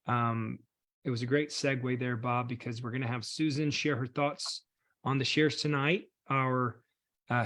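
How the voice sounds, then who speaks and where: Male host of a community call, warm and effusive, mid-pitched. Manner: warm, effusive thanks and praise. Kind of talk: hosting a community video call.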